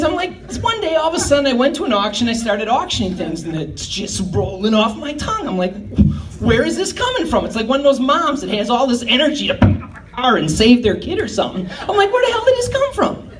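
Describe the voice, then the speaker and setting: A man in his fifties telling crude, self-mocking stand-up stories, his pitch swinging all over the place. He rambles from one joke to the next. The mic sits far from him, and a noisy live room hums behind him. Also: a bit bright. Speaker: amateur stand-up comedian. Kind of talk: stand-up comedy set.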